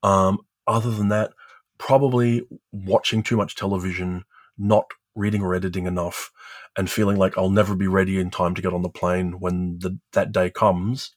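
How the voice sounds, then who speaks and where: A man's voice: sits low, level tone, normal speed, dry recording. A man co-hosting a casual podcast chat from home, talking with wry, dry humor. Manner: dry, wry humor with playful announcer bits. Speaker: podcast co-host.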